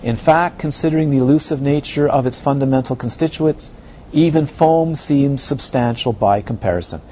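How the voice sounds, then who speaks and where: A man's voice: mid-range voice, normal speed, muffled recording, slight background noise. A man, a Buddhist teacher, giving a dharma talk to students, asking many rhetorical questions and acting out how people react. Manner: animated, rhetorical questions, acts out others' reactions.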